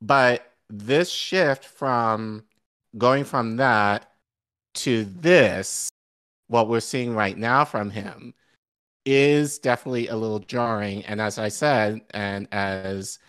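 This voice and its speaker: Man, low voice, podcast co-host, measured, thinks aloud, casual commentary. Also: fairly bright tone, clean tone.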